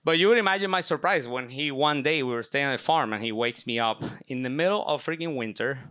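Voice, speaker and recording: Young man, smooth resonant storytelling voice. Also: medium pitch, fast, pushed and bright. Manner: casual, self-mocking, filler-heavy. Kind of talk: live personal storytelling. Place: stage at a live event.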